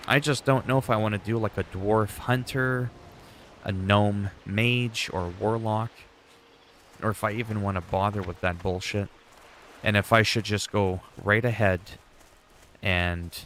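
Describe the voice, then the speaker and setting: Low-voiced man rambling while gaming. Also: slight background noise. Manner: rambling, thinking out loud. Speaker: streamer. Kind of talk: casual gameplay chat.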